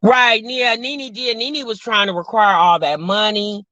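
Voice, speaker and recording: A woman reacting to reality TV on a casual chat stream speaks at a measured pace in a high, steady voice with a bright, forceful tone. Chatty and sassy, she calls viewers sis and y'all. The sound is dull, lo-fi and dry, with no room sound.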